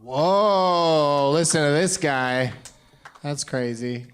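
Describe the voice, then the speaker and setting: Brief: fairly high-voiced male host, playful, laughs easily, live comedy game show. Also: lively intonation, unhurried. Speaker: podcast host running a movie game. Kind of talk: live comedy podcast banter.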